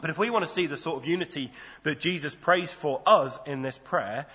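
A man's voice: on the high side, fairly quick, sharp tone. A man preaching a sermon in a conversational, storytelling way. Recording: dull lo-fi sound in a reverberant hall.

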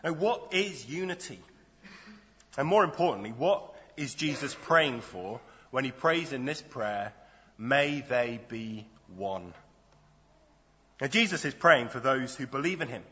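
A man's voice: medium pitch, animated, normal speed, sharp tone. A man preaching a sermon in a conversational, storytelling way. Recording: dull lo-fi sound in a reverberant hall.

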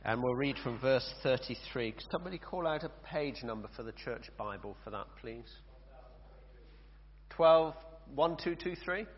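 A man's voice: mid-range voice, animated, normal speed. Man preaching in a church. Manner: conversational, hesitant with fillers and self-corrections. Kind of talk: sermon with scripture reading. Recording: reverberant church, dull lo-fi sound.

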